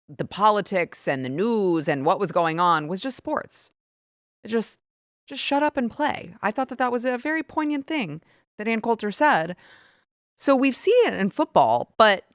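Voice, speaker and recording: A woman's voice: fairly low pitch, no echo, clean studio sound. A woman hosting political commentary, talking in a sarcastic, indignant way with frequent restarts. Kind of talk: opinionated commentary.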